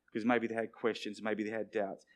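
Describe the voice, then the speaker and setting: Male preacher, animated. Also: fairly low pitch, fairly quick. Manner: animated, acts out quoted dialogue. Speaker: pastor. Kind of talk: sermon.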